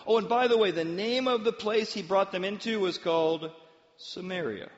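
A man's voice: sits high, normal speed. Male pastor, dramatic storytelling sermon, dull reverberant hall recording.

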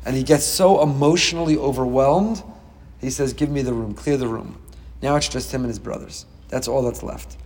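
A middle-aged man teaching a Torah class as a rabbi, dramatic and animated, with quick humorous asides. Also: medium pitch, big-room sound.

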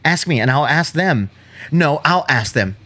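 Animated, husky-voiced man telling a story. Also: on the high side, measured pace. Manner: animated, laughing storyteller acting out people. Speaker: podcast co-host. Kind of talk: casual chat, storytelling.

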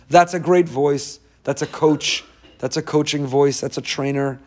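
A man's voice: a little high, steady tone, a little slow, a little mellow. A man giving an informal Torah talk as a religious teacher, humorous, self-deprecating and conversational, with sudden emphatic rises.

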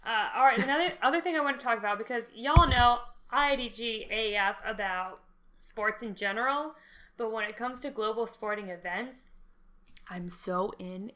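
Young podcast co-host, woman, bright tone, lively and chatty, laughs easily. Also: mid-range voice. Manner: animated, quick laughs, chatty asides. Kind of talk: casual podcast chat.

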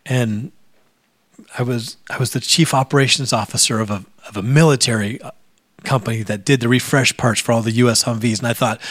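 Emotional pastor, dry close sound. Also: male voice, mid-range voice, fairly even intonation, a little fast, fairly bright tone, no echo. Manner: personal testimony, emotional, drops to near-whisper at times. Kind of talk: sermon.

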